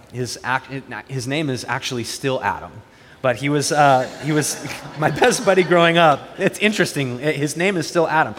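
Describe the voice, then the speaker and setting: A man's voice: fairly high pitch, a bit bright, in a large hall. A man preaching a sermon as pastor, moving between earnest prayer and conversational storytelling.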